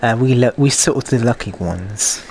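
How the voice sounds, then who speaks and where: A man hosting a podcast, giving brief, halting reactions in casual chat. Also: mid-range voice, vocal fry, darkish tone, slight background noise. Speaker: podcast host.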